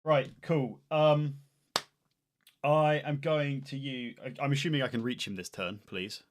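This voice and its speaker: A man playing a tabletop game, animated and joking, often talking over himself. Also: mid-range voice, a little slow, a little hiss or hum. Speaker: player. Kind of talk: casual chat during a tabletop game.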